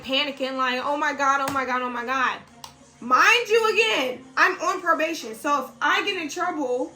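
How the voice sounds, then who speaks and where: A woman's voice: sits high, bright, forceful tone, low-quality recording. A young woman telling a story in casual storytime style, blunt and slangy, swearing freely. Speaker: vlogger.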